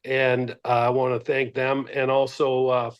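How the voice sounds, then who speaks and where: A middle-aged man with an ordinary mid-range voice co-hosts a relaxed podcast chat. He tells a meandering anecdote that keeps restarting and doubling back. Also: mid-range voice, unhurried, smooth, muffled recording. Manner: meandering, self-interrupting anecdote teller. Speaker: podcast co-host.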